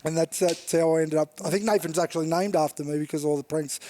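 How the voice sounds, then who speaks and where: A man's voice: on the high side, steady tone, fast, heavy background noise. A middle-aged Australian man, a guest on a chat show, telling stories and laughing often as he swears his way through them. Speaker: podcast guest, former rugby league player. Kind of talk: casual chat, storytelling.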